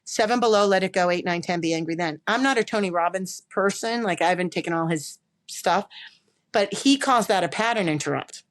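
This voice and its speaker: A woman who is a podcast guest and body language expert, telling a personal story in an emphatic, animated way, often repeating words. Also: fairly low pitch, fairly quick. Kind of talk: conversational storytelling interview.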